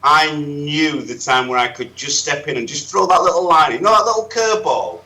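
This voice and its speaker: Male guest, slightly high, bright tone, frank and emphatic talker. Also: expressive, normal speed, low-quality recording. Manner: emphatic, opinionated. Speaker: podcast guest. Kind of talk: frank casual conversation.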